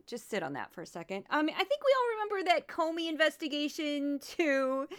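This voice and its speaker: A woman's voice: high-pitched, very animated, brisk. A woman podcast host, giving chatty, sarcastic commentary into a close mic. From southern United States. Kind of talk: casual commentary.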